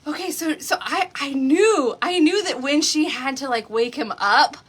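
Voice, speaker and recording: A woman's voice: sits high, unhurried. A woman from Oklahoma, hosting a craft livestream and telling a story to her viewers in a chatty way, breaking into laughter often. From Oklahoma, USA. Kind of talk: casual chat on a livestream.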